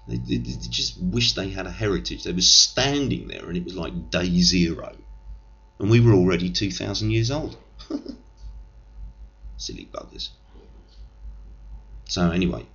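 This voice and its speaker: A man's voice: low voice, gravelly, a bit bright, breathy edge, dull audio. An English man delivering a pompous, blustering comic monologue.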